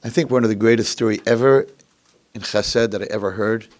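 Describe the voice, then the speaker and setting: A male rabbi telling a story in a dramatic, animated lecture. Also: on the low side, brisk.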